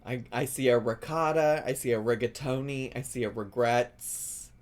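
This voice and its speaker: A man's voice: mid-range voice, moderate pace. A man giving casual, playful live-stream commentary on a video, laughing often and drawing out words in mock pronunciations. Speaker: reaction streamer.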